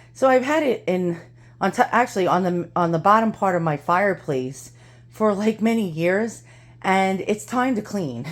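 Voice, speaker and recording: A woman vlogging in her home kitchen, out of breath and chatty, laughing often as she talks to the camera. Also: medium pitch. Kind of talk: casual chat to camera.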